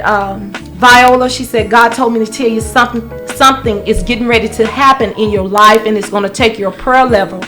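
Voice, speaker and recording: A middle-aged woman minister speaks in a radio studio, telling her story slowly and haltingly. Her voice sinks softly whenever she quotes others. Music plays clearly beneath her. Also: mid-range voice. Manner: slow, halting storytelling with soft quoted dialogue. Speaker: guest, minister. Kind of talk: personal testimony on radio.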